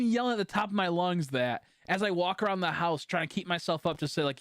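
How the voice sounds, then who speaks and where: A man's voice: high-pitched, quick pace, hardly any pauses, dry recording. Rambling, profane male streamer, dry sound. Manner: rambling and profane, with frequent fillers and restarts; animated, jumping from hushed to loud. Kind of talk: casual storytelling while gaming.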